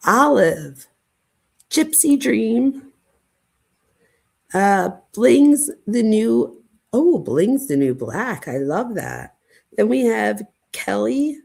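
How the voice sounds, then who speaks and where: A woman hosting a casual late-night livestream chat, gushing and excitable, dramatic by her own account, and often breathless. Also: mid-range voice, vocal fry, husky. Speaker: channel host.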